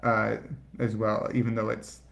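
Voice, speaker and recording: Man, comedian, halting, filler-heavy, lowish pitch, gravelly. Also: monotone, a bit bright. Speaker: comedian guest. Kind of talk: casual podcast chat.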